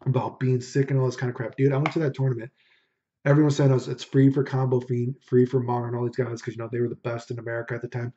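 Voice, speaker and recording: A man's voice: mid-range voice, mellow. A young man telling a profane, ranting story in casual podcast chat, saying "dude" again and again. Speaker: podcast host. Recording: dull lo-fi recording.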